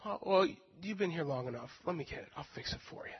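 A man voicing a patient, kindly older male boss in a calm, gentle, reassuring way. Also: high-pitched, fast talker, slightly rough. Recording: dull sound with long hall reverb.

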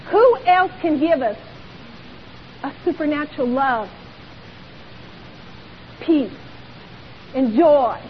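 A woman preacher delivering a sermon in church, emphatic and full of rhetorical questions. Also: high-pitched. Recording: dull lo-fi recording with long hall reverb and faint hiss.

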